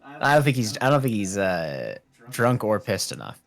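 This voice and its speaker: A man speaking as a tabletop game player, soft and hesitant. His voice sits on the low side of average but swings widely in pitch. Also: very animated, moderate pace, vocal fry.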